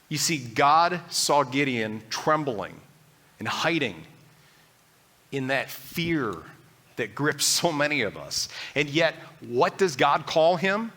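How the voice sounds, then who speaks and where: Male pastor, mid pitch, bright and forceful tone; earnest, conversational sermon delivery that acts out everyday doubts. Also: expressive, a little slow. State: briefly choked up.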